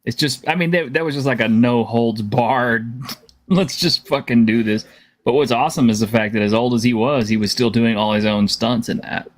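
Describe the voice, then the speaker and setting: A man chatting as a guest on a casual stream, easygoing and relaxed. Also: mid-range voice, moderate pace. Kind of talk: casual chat.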